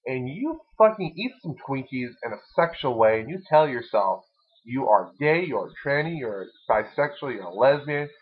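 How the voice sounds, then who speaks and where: A man's voice: medium pitch, expressive, normal speed. A young man hosting a casual podcast, rambling and giggling as he talks crudely. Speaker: podcast host. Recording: lo-fi dull recording.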